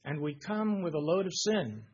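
A man with a husky, slightly high voice delivers a sermon, reading verses and then unpacking them line by line. He leans on repeated phrases for emphasis. The recording sounds dull and lo-fi. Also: lively intonation, normal speed, a little mellow. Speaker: preacher. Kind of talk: sermon reading and expounding Scripture.

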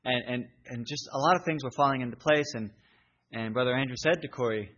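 A man's voice: medium pitch, brisk, fairly bright tone. A man preaching a sermon in an earnest, conversational way. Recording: dull lo-fi recording.

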